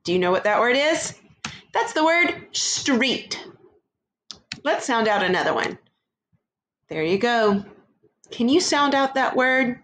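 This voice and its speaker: Early-grade teacher, woman, slow and sing-song, stretching out sounds for little learners. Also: a little high, big pitch swings, fairly bright tone, a little hiss or hum. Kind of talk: phonics lesson for young children.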